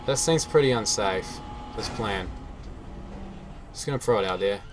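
A man's voice: on the low side, expressive, normal speed, noisy background. A man talking casually to viewers as he plays a shooter game, chatty and self-mocking, with the odd swear. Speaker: game player. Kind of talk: solo gameplay commentary.

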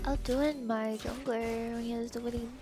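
A woman with a high voice talks through her game in a low grumble, swearing at her team and half-whispering complaints to herself. Loud music plays clearly behind her. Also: steady tone, normal speed. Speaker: game streamer. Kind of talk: live gameplay commentary.

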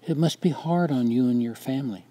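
A man voicing a gentle, concerned female teacher who speaks softly. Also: mid-range voice, brisk, pitched above the performer's own voice, natural voice. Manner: soft, careful.

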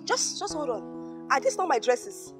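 A Nigerian actress playing a haughty, wealthy young woman who shouts, stammers in rage and barks orders. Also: sits high, sing-song, measured pace, loud music behind the voice. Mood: indignant. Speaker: actress in a film.

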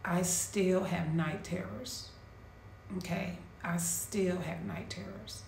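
A woman with a gravelly, fry-laced voice tells a painful personal story, slow and quietly intense with heavy pauses. She sits in an echoey room with a faint hum of ambient noise. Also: fairly low pitch, fairly even intonation.

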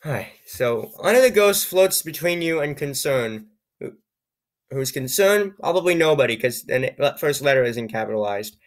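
A man's voice: expressive, normal speed. Wry man reading a silly story. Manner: low-key, wry commentary on the text; stumbles over words and restarts. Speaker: YouTuber reading AI-generated stories. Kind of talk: comedic reading with asides.

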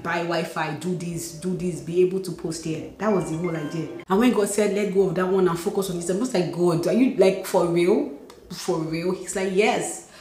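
A young Nigerian woman vlogging from home, telling stories excitedly and acting out dialogue. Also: lowish voice. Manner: excited, animated storytelling, acts out dialogue. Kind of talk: casual vlog talk. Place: home, indoors. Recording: echoey room.

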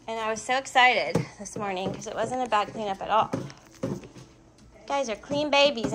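A young woman with a cold chatting in sing-song baby talk to puppies in an indoor pen. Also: a little high. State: has a cold. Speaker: dog breeder. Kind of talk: casual vlog, chatting to puppies. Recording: noisy background.

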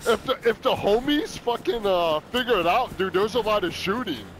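A man's voice: high voice, animated, normal speed, over a noisy crowd, rough recording. A man chatting casually with a friend while gaming, rambling with lots of fillers and frequent laughter. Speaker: gamer.

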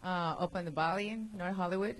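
A woman with a Spanish accent doing a halting first stand-up set, lots of fillers and nervous laughs. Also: lowish voice, steady tone, low-quality recording. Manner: halting, laughs between words, lots of "you know". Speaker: open-mic comedian. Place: comedy club stage.

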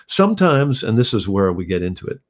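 A man's voice: lowish voice, sing-song, fairly quick. A man, a songwriter, talking casually and thoughtfully about writing his own song, rambling with restarts and acting out quotes with animation. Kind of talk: reflective casual talk on songwriting.

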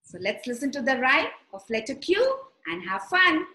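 A woman teaching young children, telling a story and guiding letter writing in a slow, sing-song, animated way. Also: high-pitched, gravelly. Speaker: preschool teacher. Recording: echoey room.

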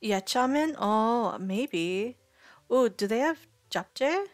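A woman's voice: mid-range voice, expressive, very slow, long pauses, no room sound, soft background music. Rambling woman streamer, dry close mic. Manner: rambling, indecisive, thinking aloud. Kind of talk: casual live-stream chat.

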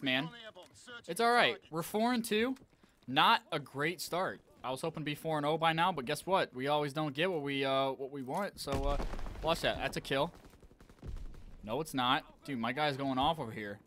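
A young man giving excitable live commentary on an online shooter match, talking to his viewers and trash-talking as he plays. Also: fairly high pitch, moderate pace, a little hiss or hum. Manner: excitable, talks to viewers, trash-talks while playing. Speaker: gaming channel host.

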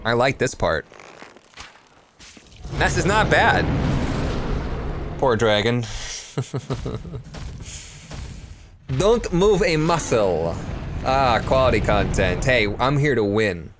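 Streamer type: easily riled man with a bouncy pitch, cusses, talks back to chat. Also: expressive, slow, long pauses, noisy background. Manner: frustrated, swears often, answers chat. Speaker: streamer playing a video game. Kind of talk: live gameplay stream commentary.

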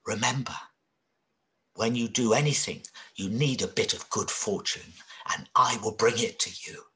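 A man doing a storybook goddess of good fortune, soft, hushed, slow. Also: lowish voice, voice pushed down. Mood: reassuring.

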